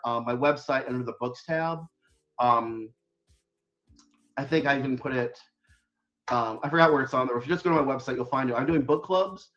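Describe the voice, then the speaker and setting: A man's voice: mid-range voice, a bit bright. Guy rambling on as a podcast guest, lots of ums and restarts, kinda muffled lo-fi sound. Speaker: guest author. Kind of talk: casual interview chat.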